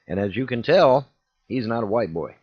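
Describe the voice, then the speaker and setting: A man's voice: mid-range voice, animated, normal speed, breathy edge. A man giving an indignant, repetitive ranting commentary as a video host. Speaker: YouTube commentator. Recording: dull lo-fi recording.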